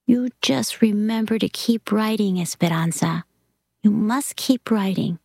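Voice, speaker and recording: Woman doing a tired old blind auntie in a storybook reading, weak hushed voice, slow, dry close sound. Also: mid-range voice, vocal fry, no room sound. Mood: tired, encouraging. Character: tired, frail old blind aunt, gentle.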